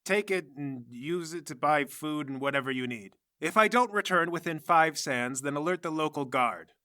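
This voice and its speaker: A man's voice: on the high side, lively intonation, normal speed, sharp tone, no room sound, studio quality. A man voicing a haughty, imperious old noblewoman who is bossy and dismissive, in a tabletop game.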